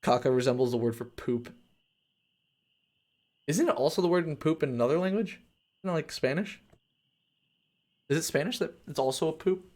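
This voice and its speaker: A man reading a gamebook aloud on a live stream, mixing steady narration with casual, crude asides. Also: on the high side, moderate pace, pauses often. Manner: casual and crude, reads narration then chats.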